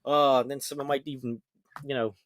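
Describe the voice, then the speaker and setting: A man's voice: medium pitch, level tone, brisk, dry recording. A man co-hosting a casual livestream, chatty and reading out viewer comments. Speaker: livestream co-host.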